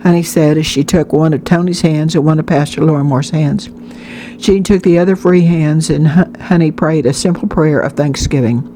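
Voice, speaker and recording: A woman narrating an audiobook in a plain, even reading voice. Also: low voice, moderate pace, slight background noise. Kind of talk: storybook narration.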